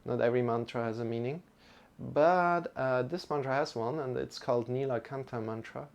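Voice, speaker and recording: A man teaching a live-streamed yoga class, giving calm, gentle instructions and greeting viewers in the chat. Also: mid-range voice, moderate pace, vocal fry.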